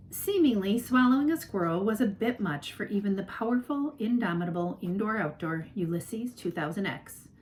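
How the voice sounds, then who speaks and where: A woman narrating a children's novel aloud in an expressive storytelling manner. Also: medium pitch, a little hiss or hum, poor audio. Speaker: reader.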